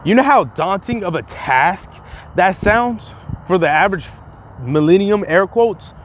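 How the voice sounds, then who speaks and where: A young man talks straight to his viewers in a loose, rambling way, cursing freely and tripping over restarts. His voice sits fairly high for a man, and faint background noise runs under it. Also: expressive, unhurried, fairly bright tone. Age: young adult. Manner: rambling and profane, with frequent restarts. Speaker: vlogger. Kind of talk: casual vlog commentary.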